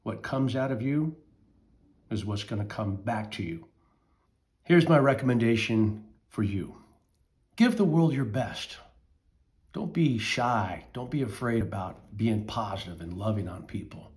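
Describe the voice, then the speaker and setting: A man's voice: on the low side, expressive, darkish tone. Earnest man telling a fable. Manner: earnest, emphatic, with dramatic pauses. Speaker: motivational speaker for parents. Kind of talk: storytelling and parenting advice.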